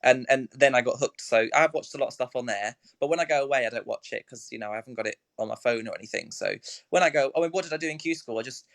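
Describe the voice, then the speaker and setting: A man's voice: mid-range voice, fast, creaky, fairly bright tone, no echo. A young man, a snooker player chatting as a guest, rambling with many fillers and restarts. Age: young adult. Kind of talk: casual live chat.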